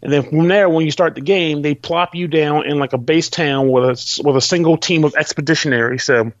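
A man's voice: a little high, a little fast, no echo, lo-fi sound. Rambling man explaining a game. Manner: rambling, swears, restarts, chuckles. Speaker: podcast host reviewing a game. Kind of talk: casual explaining.

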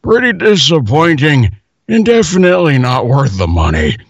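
A man's voice: fairly high pitch, very animated, no room sound, muffled recording, voice pushed up. A man reading a review aloud as a cranky, complaining old man, drawing out his grumbles. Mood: grumpy. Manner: grumpy, complaining, drawn-out.

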